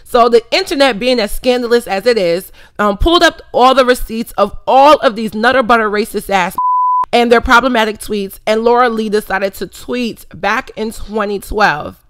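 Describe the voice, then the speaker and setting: A woman's voice: a little high, normal speed, fairly bright tone, clean tone, no room sound, studio quality. A 21-year-old woman from Philadelphia, a vlogger giving sassy, emphatic commentary that roasts its target. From Philadelphia, USA. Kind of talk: commentary rant.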